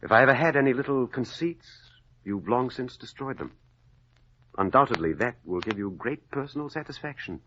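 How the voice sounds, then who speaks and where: An actor playing a proud, aloof young gentleman, speaking in a cool, cutting manner, in 1940s radio acting on a dull old radio broadcast. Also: mid-range voice, expressive, moderate pace. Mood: cold.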